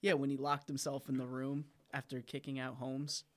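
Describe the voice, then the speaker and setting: A man's voice: medium pitch, normal speed. A young man in casual podcast chat, agreeing and adding his own memories of scenes. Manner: relaxed, agreeable, chimes in. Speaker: podcast co-host. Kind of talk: casual anime recap chat.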